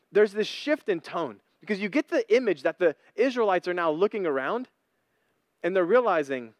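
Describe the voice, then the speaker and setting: High-voiced preacher, folksy sermon. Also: male voice, animated, moderate pace, dry recording. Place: empty church auditorium.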